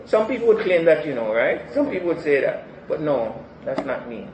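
A man's voice: a little high, very animated, moderate pace, background noise. A man preaching a sermon in an earnest manner, repeating key phrases for emphasis. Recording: echoey, slightly dull sanctuary recording.

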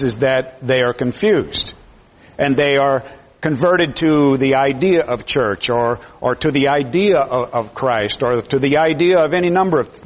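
A man preaching a sermon to his congregation, emphatic, often repeating words as he builds each point. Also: a little high. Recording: dull lo-fi sermon recording.

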